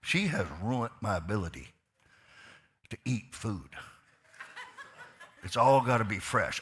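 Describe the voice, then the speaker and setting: Fired-up pastor with a bright voice. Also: male voice, lowish voice, expressive, slow pace, pauses often. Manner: swings from quiet asides to loud, fired-up preaching; asks the crowd questions, repeats lines for emphasis. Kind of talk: sermon. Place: church sanctuary.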